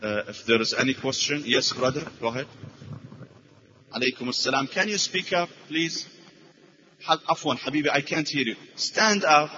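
A man's voice: on the high side, moderate pace, pushed and bright, in a large hall, muffled recording. A man giving a religious lecture and taking questions, telling stories earnestly and using Arabic phrases.

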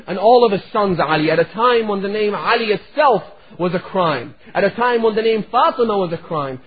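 A man preaching an emotional sermon, telling a story to his congregation as he addresses them directly. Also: high voice. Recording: tinny phone-like recording.

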